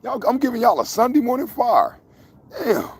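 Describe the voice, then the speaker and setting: A man's voice: very high-pitched, big pitch swings, normal speed, slightly rough, no echo. A man casually rambling to his viewers outdoors in the country, joking and cursing freely. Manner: profane, joking, talks to viewers. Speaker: vlogger. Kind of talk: casual rambling livestream vlog.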